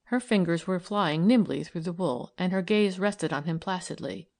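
A woman narrating a novel in a measured, even storytelling manner. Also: fairly low pitch, creaky. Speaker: audiobook reader. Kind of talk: scripted narration.

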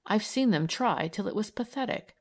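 A woman's voice: medium pitch, animated, normal speed, breathy edge, pitched above the performer's own voice. A woman reading aloud and voicing an earnest, idealistic young woman who argues eagerly and persuasively.

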